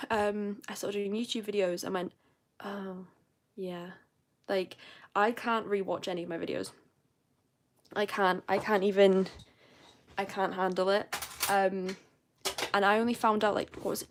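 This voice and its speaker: A young woman with a posh southern English accent, chatting casually and rambling as host of a live stream. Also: mid-range voice. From southern England.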